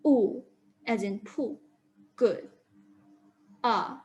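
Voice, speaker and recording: A young woman student giving a careful classroom presentation, slowly sounding out example words. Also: fairly high pitch, rough recording. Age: young adult. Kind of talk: classroom presentation on English vowels.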